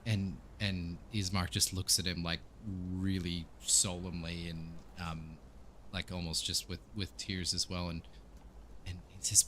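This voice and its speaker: A man narrating as game master for a tabletop game in a halting, hesitant manner. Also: low voice, flat delivery, sharp tone, a little hiss or hum.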